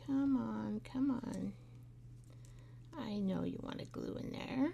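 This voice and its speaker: Slow, gravelly-voiced chatty woman. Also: on the high side, mellow, dull audio, slight background noise. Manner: chatty, rambling, laughs often, talks to her craft. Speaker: craft show host. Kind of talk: live craft tutorial chat.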